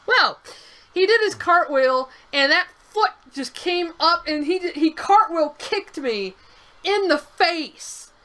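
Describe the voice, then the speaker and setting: A woman's voice: extremely high pitch, expressive, takes it slowly, pushed and bright, low-quality recording. A young woman co-hosting a game stream, telling a rambling story with restarts and the odd swear. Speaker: streamer co-host. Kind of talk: casual chat over a game stream.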